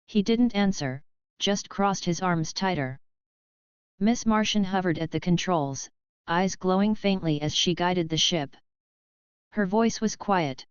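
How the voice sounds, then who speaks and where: Woman reading fanfic audiobook, slow, super clear, dry dull sound. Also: on the low side, dry recording. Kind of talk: audiobook narration.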